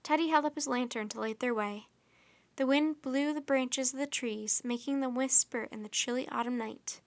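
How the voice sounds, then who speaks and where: Expressive woman reading a storybook aloud. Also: sits high, normal speed, dry recording. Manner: expressive, performing character voices. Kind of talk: children's storybook read-aloud.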